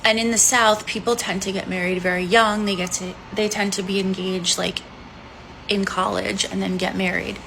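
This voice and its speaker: A woman's voice: mid-range voice, level tone, normal speed, gravelly, fairly bright tone, slight background noise. A woman in her forties speaking frankly in a candid vlog monologue, telling a personal story in a blunt, unfiltered way. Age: 40s.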